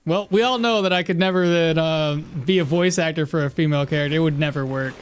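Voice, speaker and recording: A man giving casual, rambling gameplay commentary, chatty and quick to laugh, at a home setup. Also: on the high side, clean tone. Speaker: gaming streamer.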